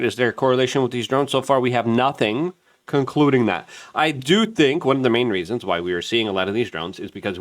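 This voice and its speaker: A man hosting an online news show, giving an opinion commentary straight to camera. He rants emphatically and repeats himself rapidly, and he mimics other people in raised, mocking voices. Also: mid-range voice. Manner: excitable, emphatic ranting with rapid repetition. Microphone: camera-mounted.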